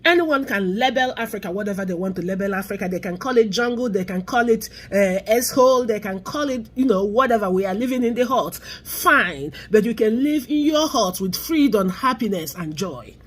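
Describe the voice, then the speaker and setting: A Nigerian woman in middle age delivers fervent social commentary straight to camera. Her voice is a little husky and her pitch moves in wide swings. She drags out the words she wants to land, pressing each point home. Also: lively intonation. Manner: emphatic, drawn-out stresses on key words. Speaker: vlogger.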